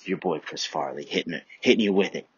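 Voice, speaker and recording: A low-voiced man with a husky edge rants through a podcast monologue, cursing freely and bouncing from tangent to tangent. The sound is dry and a bit dull, like a lo-fi home recording. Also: fast, no echo. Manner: profane, riffing, jumps between tangents. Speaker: podcast host. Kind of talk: rambling comedic monologue.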